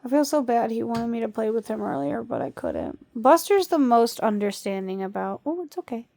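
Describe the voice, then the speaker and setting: A woman vlogging at home while she has a migraine, talking softly and tiredly and cooing at her dogs. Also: fairly high pitch, expressive, moderate pace, creaky, no room sound. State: suffering a migraine. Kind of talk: casual vlog talk to camera and dogs. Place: at home indoors.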